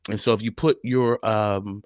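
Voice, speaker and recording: In a clean, dry studio recording, a man with a lowish, darkish voice speaks unhurriedly and with fairly even intonation. He's hosting a live-streamed motivational podcast, preaching emphatically and firing off one rhetorical question after another.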